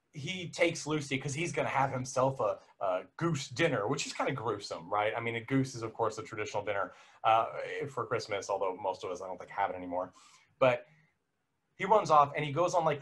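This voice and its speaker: A man's voice: medium pitch, a bit bright, husky. A young man recapping a film in a casual podcast chat, rambling and self-correcting, laughing now and then.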